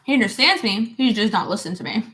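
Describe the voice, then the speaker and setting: A woman's voice: a little high, fairly quick, fairly bright tone, roomy sound. A woman vlogger chatting at home, talking to and playfully scolding her dog in a doting, exasperated way. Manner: playful baby-talk scolding of a pet. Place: apartment room.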